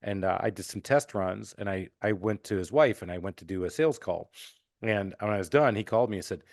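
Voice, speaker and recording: A man from Michigan hosting a casual podcast chat, joking and telling stories in an animated way. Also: lowish voice, brisk, creaky, dry recording, clean studio sound. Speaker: podcast host.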